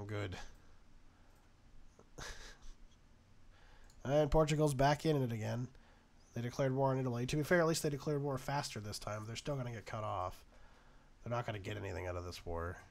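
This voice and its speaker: A man's voice: medium pitch, a little mellow. A young man giving casual let's-play commentary on a strategy game, sarcastic and exasperated, talking to the nations on screen. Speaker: gaming YouTuber.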